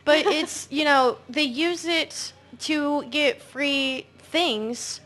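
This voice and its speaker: High-voiced animated woman podcaster. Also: drawn-out words. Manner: animated, mimics people with a put-on Valley Girl voice. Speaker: podcast co-host. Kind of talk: casual panel chat.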